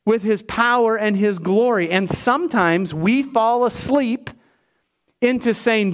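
His voice sits high and he takes his time. The pastor preaches with animation, shifting back and forth between booming emphasis and hushed quiet.

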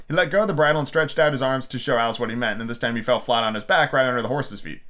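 A man's voice: medium pitch, very fast, hardly any pauses, pushed and bright. A man casually reading a book aloud as a podcast host, with fillers, slips and crude asides.

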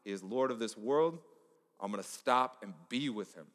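A man's voice: mid-range voice, moderate pace. Male pastor, middle-aged, storytelling sermon style, long hall reverb. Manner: conversational, storytelling, drops to a hush for emphasis. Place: church sanctuary. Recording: echoey church hall.

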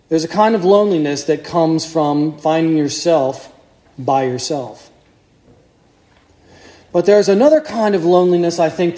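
A man's voice: fairly high pitch, dark tone, reverberant. A man preaching a sermon to a congregation in a conversational way, putting questions to his listeners. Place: church.

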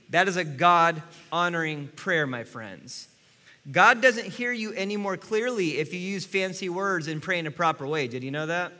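A man's voice: sits high, normal speed, bright, forceful tone, long reverb tail. A man preaching a sermon as a pastor, earnest and speaking directly to his listeners.

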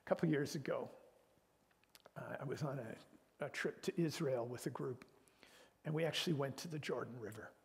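A man, a pastor, giving a sermon in an earnest, conversational way, at times dropping into hushed tones, and moving into prayer. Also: mid-range voice, moderate pace, vocal fry, long pauses. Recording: long reverb.

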